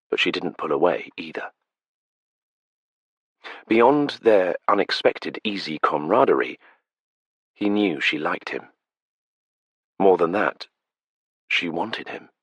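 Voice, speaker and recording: A man with a very deep, husky voice narrates an audiobook in a steady, measured way. The close studio recording is completely dry. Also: dry recording. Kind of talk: scripted narration. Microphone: close studio mic.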